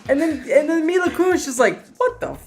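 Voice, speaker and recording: A woman's voice: high-pitched, fast, faint music behind. A woman co-hosting a casual film review chat, joking and swearing a lot. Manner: profane, joking, animated. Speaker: co-host of a film review show.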